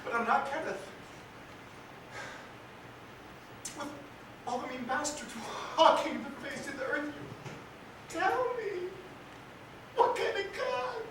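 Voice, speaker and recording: An actor playing a grief-stricken young man mourning his little brother in a stage monologue, halting with broken repetitions that swell into shouting. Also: high-pitched, very animated, background noise. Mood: raging. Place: theatre stage. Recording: echoey theatre from far off.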